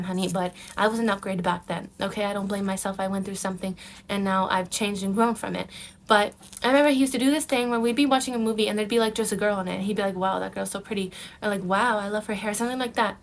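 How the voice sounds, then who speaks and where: A woman's voice: mid-range voice, slight background noise. A young woman talking casually in a dating advice vlog, emphatic and repetitive, calling the viewer honey. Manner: emphatic, repeats herself, calls the viewer honey. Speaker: vlogger giving dating advice.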